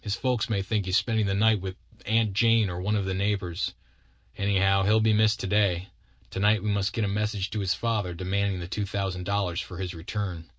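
A man's voice: lowish voice, little pitch movement, brisk, a bit bright, no room sound, lightly acted. A man doing a folksy, scheming kidnapper. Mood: breezy. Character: smooth-talking grown man, a scheming kidnapper.

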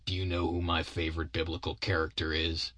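A man doing a slow, anxious drawling kidnapper. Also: low-pitched, little pitch movement, sharp tone, no echo, pitched below the performer's own voice. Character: nervous grown man, a weary kidnapper.

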